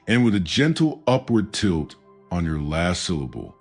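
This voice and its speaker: Deep-voiced guy reading a self-help audiobook, lots of pitch swing, soft music under it. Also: big pitch swings, normal speed, breathy edge. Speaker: audiobook narrator. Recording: faint background music.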